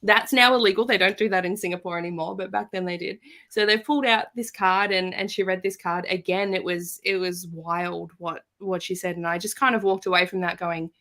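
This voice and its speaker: A woman guest on a podcast, telling a personal story in a casual, animated way and acting out the quoted voices. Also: fairly low pitch, fairly quick, hardly any pauses.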